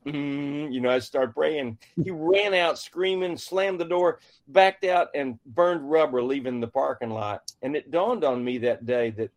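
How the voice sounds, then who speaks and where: A man's voice: a little high, measured pace, hardly any pauses. A middle-aged man, an author and guest, telling stories in a folksy, conversational way and acting out what people said. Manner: folksy and animated, acting out quoted dialogue. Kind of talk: conversational storytelling.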